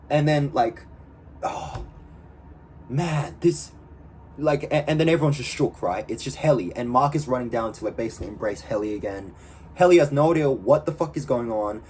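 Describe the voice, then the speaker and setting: A man vlogging in a casual, excitable way, slangy and profane, with lots of fillers. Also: mid-range voice, a little hiss or hum. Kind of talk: casual talk to camera.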